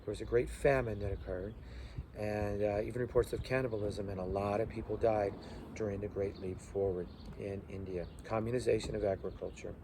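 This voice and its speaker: A man's voice: fairly low pitch, fairly even intonation, noisy background. A male teacher giving a loose review lecture full of fillers, stopping to spell out terms letter by letter. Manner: loose, halting delivery with many fillers.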